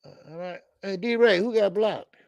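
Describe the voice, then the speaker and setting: A man hosting a casual boxing talk stream, animated and profane, rambling through stories, laughing and answering the chat. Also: high voice, moderate pace, creaky, no echo, highs cut off. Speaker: boxing talk show host. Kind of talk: casual live-stream commentary.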